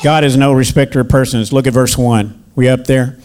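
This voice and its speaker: A man's voice: medium pitch, steady tone, fairly quick, few pauses, a little mellow. A man preaching a sermon, telling folksy stories with asides to the congregation before reading scripture. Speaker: minister and teacher.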